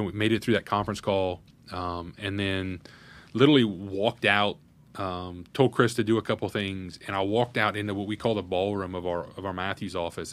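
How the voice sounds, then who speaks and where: Man in his thirties, low voice, rapid earnest storytelling, interview guest. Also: fairly bright tone. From Louisiana, USA. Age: 30s. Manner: earnest, candid, recounting a crisis in detail. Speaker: parish president, podcast guest.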